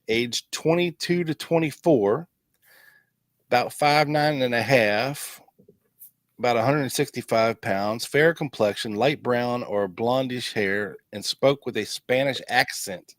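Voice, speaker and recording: A male podcast host at an ordinary man's pitch reads through old investigation files, casual and chatty, tossing in wry asides between the quotes. He speaks a little slowly, and the sound is dry and close with no room echo.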